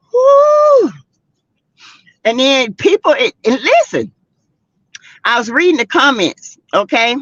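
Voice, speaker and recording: Speaking a little high in a dry recording, this livestream host, a middle-aged South Carolinian woman, dishes gossip casually to her viewers. She exclaims often and addresses the chat directly, all through muffled, low-fidelity stream sound.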